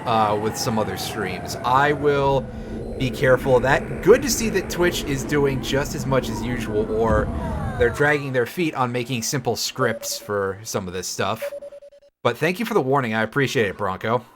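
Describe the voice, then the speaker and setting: A man's voice: mid-range voice, expressive, moderate pace, background noise. Sarcastic swearing male game streamer. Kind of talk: casual gameplay commentary. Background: game music.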